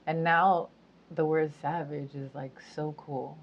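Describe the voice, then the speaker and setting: A woman with a low voice speaks at an unhurried pace in a loose, chatty monologue. She giggles often and fills pauses with ums and likes. The recording is dull and lo-fi. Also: steady tone, creaky. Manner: chatty, giggly, many fillers. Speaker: spiritual speaker. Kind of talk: casual monologue to camera. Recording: dull lo-fi sound.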